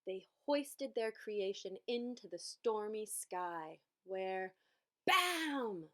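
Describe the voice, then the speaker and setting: A woman reads a children's picture book aloud, telling the story expressively. Her voice sits at medium pitch and she takes her time.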